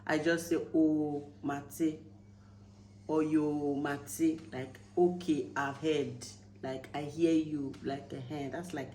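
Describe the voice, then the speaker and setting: A woman with a Nigerian accent talks casually to her viewers, turning animated when she acts out everyday phrases. Her voice sits low, and the room gives it a roomy echo with a faint hum behind. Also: takes it slowly. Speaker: vlogger. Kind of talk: casual explainer vlog.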